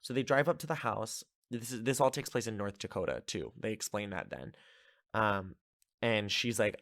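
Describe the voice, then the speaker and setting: A man's voice: mid-range voice, moderate pace, a bit bright, dry recording, clean studio sound. A man hosting a podcast, casually recapping a film in a chatty, amused way with lots of filler words. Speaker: podcast host.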